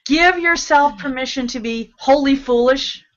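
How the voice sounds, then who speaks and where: With a high-pitched, slightly bright voice and a somewhat slow delivery, a female talk show host cheerfully coaxes her live audience through laughter exercises. The recording is lo-fi and dull.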